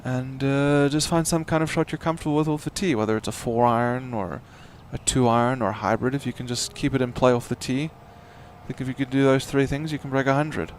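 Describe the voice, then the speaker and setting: A man giving live golf commentary in a relaxed, chatty way, with tips and play calls. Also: medium pitch, brisk, a little hiss or hum.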